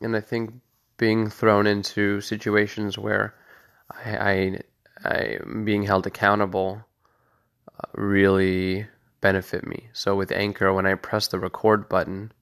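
A man's voice: fairly low pitch, monotone, unhurried, fairly bright tone, clean tone. A young man hosting a casual solo podcast, rambling with lots of fillers and self-deprecating asides. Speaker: podcast host.

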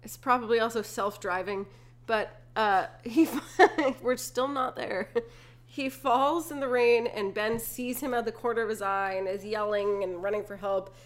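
A woman co-hosting a podcast retells a film scene by scene in casual chat, laughing often and acting out quoted lines. Her voice is on the high side, with fairly even intonation and a slightly slow pace.

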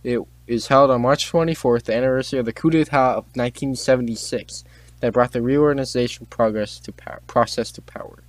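A man's voice: medium pitch, steady tone, brisk, no echo. A teenage boy hosting a casual chat, reading out on-this-day facts, tripping over names and tossing in joking asides. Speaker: podcast host.

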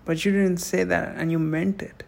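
Gravelly, impassioned man. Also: high voice, level tone, normal speed. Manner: intense and emotional, swings from hushed to shouting, swears. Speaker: speaker giving a monologue on love. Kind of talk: impassioned spoken monologue.

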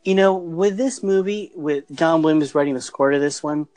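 A man's voice: a little high, moderate pace, darkish tone. A man hosting a casual movie discussion podcast, talking in an enthusiastic, rambling way as he steers the conversation. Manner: enthusiastic, rambling, leading the talk. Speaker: podcast host.

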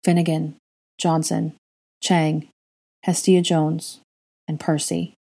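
A woman voicing a grief-stricken young husband who speaks in a flat, halting monotone. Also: deep voice, vocal fry, full character voice. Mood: numb.

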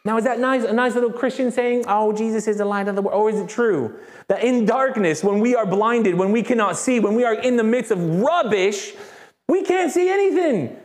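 A man with a notably high voice gives a lively, conversational sermon. He acts out quoted voices as he preaches and pushes the congregation to call back answers. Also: normal speed. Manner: asks the congregation for call-and-response. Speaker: pastor. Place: church service.

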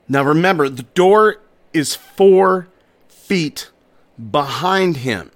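Speaking a little slowly at medium pitch, a man narrates a strange tale for his podcast, keeping it casual and sprinkling in personal remarks.

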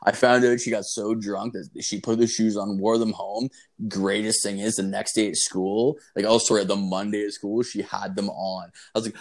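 A young man with a lowish voice co-hosts a casual podcast, spinning crude high-school stories. He swears constantly and breaks into laughter, animated and loose. The talk is unscripted and rambling. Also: moderate pace, few pauses. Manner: profane, laughing, animated storytelling. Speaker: podcast co-host.

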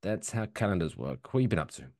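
A man's voice: deep voice, quick pace, no echo, clean studio sound. A man hosting a comedy podcast, chatting casually in a jokey way with frequent restarts. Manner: animated, jokey, stumbling restarts. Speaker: podcast host.

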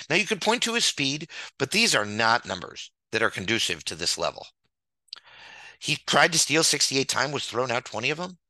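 Sharp, lively ranting man. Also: medium pitch, no echo, low-quality recording. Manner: exasperated, sarcastic, swears often, repeats words for emphasis. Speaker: streamer ranting about a baseball sim game. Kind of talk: comedic angry rant.

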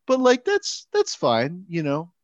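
A man co-hosting a podcast in casual chat, animated, laughing often, repeating words and acting out quotes. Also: high voice, takes it slowly, no room sound, dull audio. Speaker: podcast co-host.

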